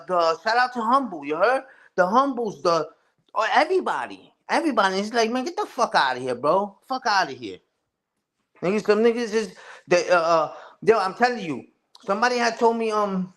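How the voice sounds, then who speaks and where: A man's voice: high-pitched, fairly bright tone. A man ranting casually and profanely on a live stream, repeating himself and asking "you heard?" again and again.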